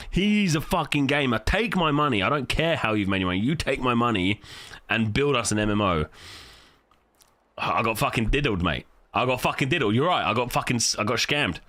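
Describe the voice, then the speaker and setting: Heated, swearing man ranting. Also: a bit bright. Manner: angry, swearing heavily, voice jumping in pitch. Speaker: livestream host. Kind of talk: heated livestream rant.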